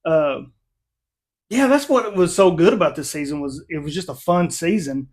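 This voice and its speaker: Animated man chatting about a show. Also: fairly high pitch, normal speed. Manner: animated, laughing, retells scenes. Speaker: reviewer, channel host. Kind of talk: casual chat.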